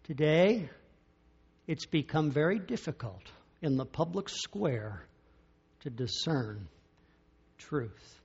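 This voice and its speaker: A man preaching from the pulpit, his voice sitting a touch high for a man. He takes his time and leans on long pauses, swinging between loud declarations and hushed, drawn-out phrases. The recording sounds dull and lo-fi. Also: sing-song, gravelly, slightly rough. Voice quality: slow, dramatic delivery with big swings in loudness and long pauses. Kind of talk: sermon.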